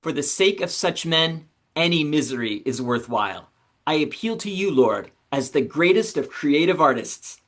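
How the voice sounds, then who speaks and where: A blustering, scornful philosopher, as a man lecturing reads him aloud. He declaims with force, and his voice rises a touch higher and louder than everyday speech. The delivery stays a read-aloud performance, not a full character voice. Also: expressive, moderate pace, lightly acted.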